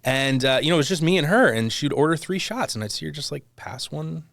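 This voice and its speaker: Lively storytelling man, dry close sound. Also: a little high, quick pace, gravelly, dry recording. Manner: lively storyteller, self-deprecating, trails off searching for names. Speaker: podcast guest, mortgage company executive. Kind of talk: casual interview chat.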